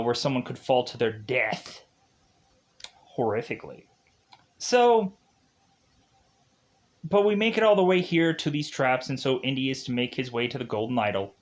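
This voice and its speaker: A man reviewing a film in a casual, rambling way. He fills gaps with "uh" and "of course" and chuckles at his own jokes. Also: mid-range voice.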